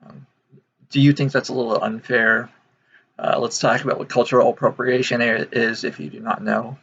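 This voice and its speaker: A man's voice: medium pitch, little pitch movement, moderate pace, vocal fry, a bit bright, slightly rough, dull audio. An American man in his twenties to thirties, talking casually to camera, rambling with many fillers and restarts. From United States. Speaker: video host. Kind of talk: casual opinion monologue.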